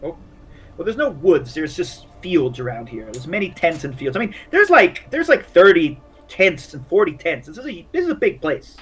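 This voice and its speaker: A man running a tabletop game as game master over an online call, talking in a halting way with many restarts. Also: a little high, sing-song, a bit bright, breathy edge, soft background music, poor audio. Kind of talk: narrating a tabletop horror game.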